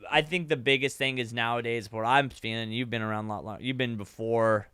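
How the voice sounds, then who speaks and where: A man's voice: medium pitch, steady tone, a little fast, pushed and bright, smooth, dry recording. A man hosting a podcast who works as a real estate agent, talking loosely with lots of "like" and restarts. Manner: loose and conversational, with filler "like" and repeated starts. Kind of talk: casual podcast conversation.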